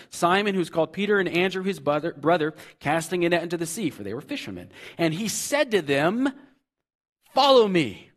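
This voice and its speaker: A male pastor delivers a sermon with earnest repetition, swelling to loud emphasis and then sinking into soft, low asides.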